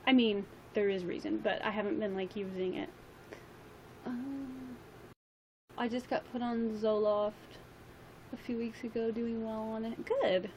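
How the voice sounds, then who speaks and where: A woman's voice: a little high, fairly even intonation, unhurried, pauses often, a little mellow, slight background noise, poor audio. Chatty young woman rambling on a livestream. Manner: rambling, chatty, lots of ums and likes. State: slightly losing her voice. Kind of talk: casual livestream chat.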